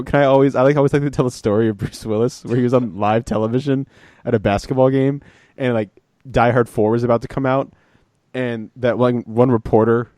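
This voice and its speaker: A man co-hosting a casual podcast, talking in a rambling way with lots of fillers and animated retellings. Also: mid-range voice, dry recording, studio quality. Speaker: podcast co-host. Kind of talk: casual chat.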